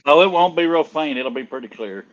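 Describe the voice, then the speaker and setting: A man's voice: a little high, lively intonation, brisk, highs cut off. A man chatting casually on a livestream call, telling stories and laughing often. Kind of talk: casual chat.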